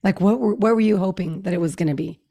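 A woman hosting a podcast, asking questions in a relaxed way with hesitant fillers. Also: medium pitch, quick pace, gravelly. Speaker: podcast host. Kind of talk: casual interview.

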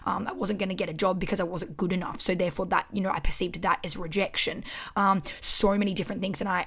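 Candid Australian woman, podcast monologue. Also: medium pitch. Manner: candid, expressive, swears freely. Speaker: podcast host. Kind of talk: casual solo podcast monologue. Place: her house. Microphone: podcast microphone.

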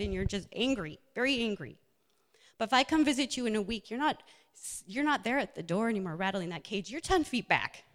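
A woman's voice: mid-range voice, expressive, fairly quick. A woman, a nurse and wellness coach, giving a personal motivational talk with slides, earnest and full of fillers. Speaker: speaker, health and wellness coach. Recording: echoey hall.

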